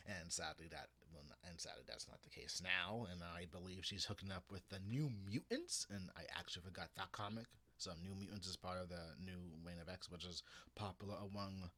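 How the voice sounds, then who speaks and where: A man's voice: low-pitched, a bit bright. A man in his thirties talking casually and ramblingly about comics, with restarts and swearing. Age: 30s. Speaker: comics vlogger. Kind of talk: casual opinion monologue.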